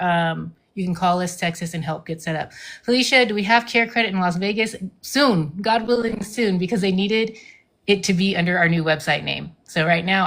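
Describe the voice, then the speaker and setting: A woman's voice: lowish voice, creaky. A woman cosmetic nurse practitioner in casual live-stream chat, emphatic and informal, saying "like" a lot. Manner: chatty, emphatic, says "like" and "dude" often. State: getting out of breath.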